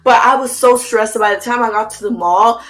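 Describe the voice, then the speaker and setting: A woman's voice: a little high, low-quality recording. A young woman, an interview guest, telling a story in casual chat with slang and acted-out quotes. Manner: animated, fast slangy storytelling with reenacted quotes.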